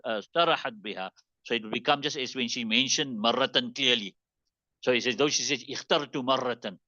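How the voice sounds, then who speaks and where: Man, Islamic law lesson, bright forceful voice, dull dry recording, checks understanding often. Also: medium pitch, dry recording. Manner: explains text line by line, asks "you understand it?" often; reads Arabic quickly, explains slowly in English. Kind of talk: classroom lesson reading Arabic text.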